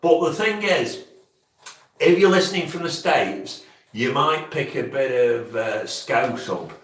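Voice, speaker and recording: A man's voice: medium pitch, expressive, measured pace, fairly bright tone. A man from Cheshire with a Cheshire accent, hosting a casual live chat in a chatty, jokey way and laughing often. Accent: Cheshire, near Macclesfield. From Cheshire, England. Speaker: live stream host. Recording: echoey room, mic far off.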